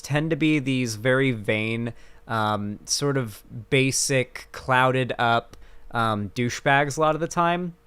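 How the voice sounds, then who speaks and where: Smooth-voiced man in rambling commentary. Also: mid-range voice, fairly bright tone. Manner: rambling, sarcastic, many fillers and restarts. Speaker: political commentary streamer. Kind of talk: casual commentary stream.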